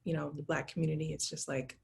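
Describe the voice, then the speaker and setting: A woman speaking in a casual panel discussion, relaxed with many fillers. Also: deep voice, fast talker, gravelly.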